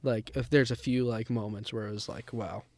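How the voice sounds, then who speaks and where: A man's voice: mid-range voice, fairly even intonation, brisk, a little mellow. Teasing young man, laughing co-host. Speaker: podcast co-host. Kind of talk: casual chat between brothers.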